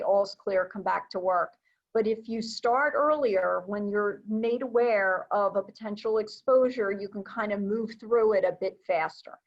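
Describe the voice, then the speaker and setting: A woman presenting a recorded training webinar, explaining in a conversational way with frequent fillers. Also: medium pitch. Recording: dull, lo-fi webinar audio.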